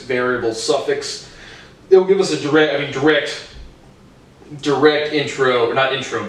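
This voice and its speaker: A man thinking aloud through a rambling solo video lecture, with halting speech and frequent restarts and self-corrections. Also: medium pitch. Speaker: YouTube video creator. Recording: very echoey room, voice far from the mic.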